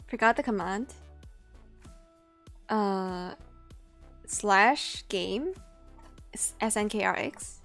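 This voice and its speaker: A woman's voice: medium pitch, drawn-out words, long pauses, a bit bright, faint music behind. A woman streamer chatting casually and playfully with her viewers, giggling often. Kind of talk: casual live-stream chat.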